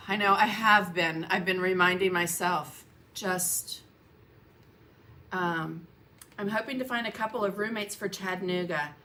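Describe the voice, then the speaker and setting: Speaking from her home painting studio, a woman teacher greets livestream viewers by name and laughs often in casual chat. Her fairly low, sharp-toned voice moves at a measured pace with frequent pauses, interrupted by coughing and a frog in her throat.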